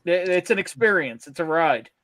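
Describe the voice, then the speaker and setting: A man hosting a casual livestream chat, excitable and swearing, laughing often. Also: high voice, moderate pace, dry recording. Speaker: host.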